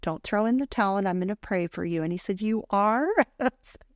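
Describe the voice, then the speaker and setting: A woman's voice: medium pitch, fast, a little mellow, dry recording, studio quality. A woman hosting a faith podcast, talking in an earnest, heartfelt way and telling a personal story. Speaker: podcast host. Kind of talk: casual faith podcast talk.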